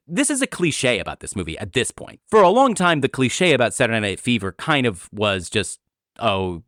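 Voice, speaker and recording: A man's voice: a little high, no room sound, studio quality. A man co-hosting a podcast, talking casually and argumentatively about a film, often restarting his sentences. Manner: animated, argumentative, stammers on restarts. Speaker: podcast co-host.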